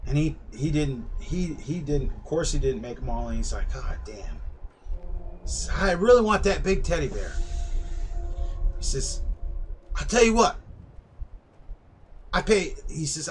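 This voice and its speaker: A man's voice: a little high, moderate pace, pauses often, slight background noise. A man on a game stream telling a long story about working a carnival dart booth, acting out the people in raised voices. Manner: animated anecdote, acting out customers in raised voices.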